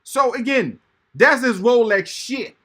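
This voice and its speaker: A man co-hosting a talk show, ranting in animated, profane, mocking commentary. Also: very high voice, takes it slowly. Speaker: co-host.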